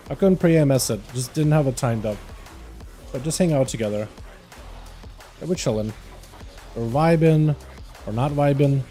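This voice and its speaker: A young man casually commenting on his own gameplay during a live stream, chatting with his teammates in a relaxed, talkative way. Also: medium pitch, moderate pace, long pauses, soft background music. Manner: laid-back, chatty, talks to teammates.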